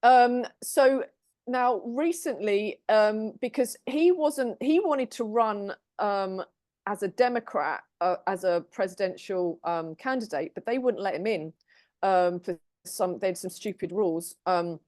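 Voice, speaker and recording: A British woman co-hosts a casual tarot chat show. She talks loosely and chattily, restarting sentences and filling gaps with ums, at an ordinary pitch. Her voice is recorded dry and close, with no room sound. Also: unhurried, a little mellow, no room sound. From Britain. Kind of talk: casual group chat, introducing topics.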